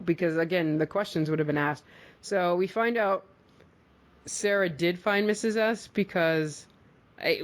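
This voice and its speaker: A woman co-hosting a podcast, recapping a TV episode in a chatty, rambling way full of fillers. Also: fairly low pitch. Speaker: podcast co-host. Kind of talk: casual episode recap chat.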